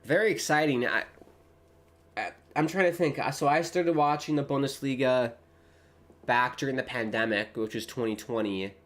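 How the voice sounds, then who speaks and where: A man hosting a live football watchalong stream in an early-morning voice, chatting with viewers and rising excitedly on the play-by-play. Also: medium pitch, moderate pace. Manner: chatty, rises excitedly on play-by-play, talks to chat. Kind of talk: casual live match commentary.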